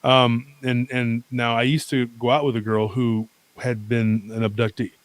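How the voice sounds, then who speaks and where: Man, podcast guest, middle pitch, rambling storyteller, dry close sound. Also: a little slow, no echo. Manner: rambling, animated, lots of fillers and restarts.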